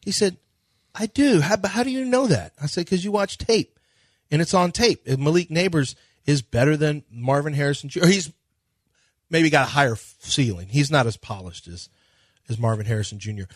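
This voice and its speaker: Male sports talk radio host, chatty and animated, dry close studio mic. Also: fairly high pitch, fairly quick, no room sound. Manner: animated storytelling, quotes others in conversation. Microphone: studio microphone.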